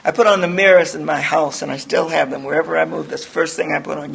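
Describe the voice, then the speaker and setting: An older woman gives a candid, rambling recovery testimony to a group, mocking herself as she tells it. She talks fast in a low, fairly even voice with vocal fry, and the recording is rough.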